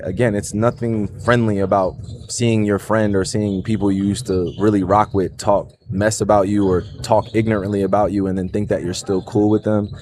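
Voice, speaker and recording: A man's voice: lowish voice, background noise. A man in his thirties with a New Jersey accent, talking to viewers on his livestream in an earnest, reflective way and often checking in with "right?" and "you know". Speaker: livestream host. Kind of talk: casual reflective monologue.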